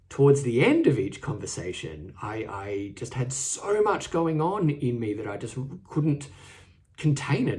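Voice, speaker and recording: A man with an Australian accent hosting a solo podcast, earnest and halting, often repeating his words. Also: medium pitch, warm tone. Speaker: podcast host. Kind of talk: reflective solo podcast talk. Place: indoors, seated. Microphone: studio microphone and camera.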